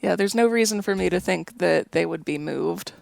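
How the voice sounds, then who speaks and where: A woman co-hosting a podcast, giving slow, thoughtful commentary in casual chat. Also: fairly low pitch, vocal fry, no echo. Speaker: podcast co-host.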